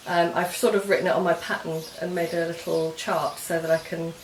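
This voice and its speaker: With a fairly low pitch and flat delivery, a woman talks a little fast while hosting her knitting podcast. She casually shows off her projects, explaining each step in a roundabout way. The recording has a roomy echo and faint hiss.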